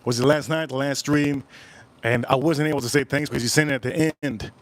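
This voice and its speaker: A man's voice: mid-range voice, fairly even intonation, a little fast. A man hosting a casual livestream, rambling and repeating his phrases as he chats with viewers at home. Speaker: livestream host.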